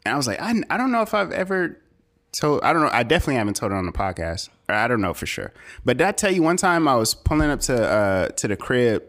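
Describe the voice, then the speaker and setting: A man's voice: medium pitch, sing-song, fast talker, a bit bright. A man co-hosting a podcast in casual chat, telling rambling anecdotes in a laid-back way, with a California accent. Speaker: podcast co-host.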